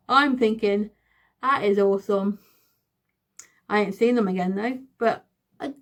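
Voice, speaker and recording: Woman in her thirties, mid-pitched, excitable and giggly, recounting a fan story for a vlog. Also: measured pace, long pauses. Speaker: vlogger. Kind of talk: casual storytime.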